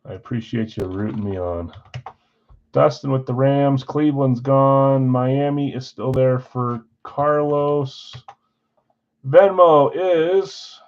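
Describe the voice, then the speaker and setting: A man's voice: mid-range voice, darkish tone, dull audio. Man calling team picks on a livestream. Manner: rapid roll-call of names and teams, friendly apologies. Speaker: live card break host. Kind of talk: casual livestream chat reading team picks.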